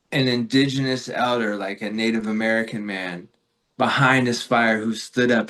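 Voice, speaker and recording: Reflective and casual, a Florida man guesting on a podcast rambles through a spiritual story, dotted with fillers and gentle laughter. He speaks on the low side.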